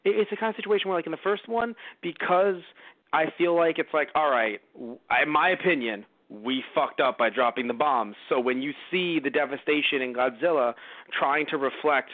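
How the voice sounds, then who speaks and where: A man's voice: on the high side, moderate pace, no echo. A man hosting a casual movie review podcast, rambling with many fillers and restarts. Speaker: podcast host. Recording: dry, phone-like lo-fi audio.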